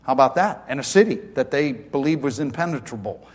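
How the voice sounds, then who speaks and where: A man's voice: mid-range voice, animated, brisk. A middle-aged male pastor preaching a sermon in a church, telling homespun stories and asking the congregation questions. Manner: folksy storytelling preacher, asks the congregation questions. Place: church sanctuary. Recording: long hall reverb.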